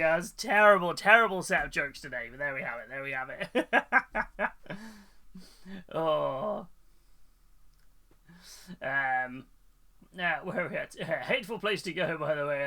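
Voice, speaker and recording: Male streamer, bright higher voice, rambling and chatty, corny-joke teller. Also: expressive, slow, gravelly, pauses often. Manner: chatty and rambling, reading chat and telling corny jokes. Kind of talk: casual live-stream chat.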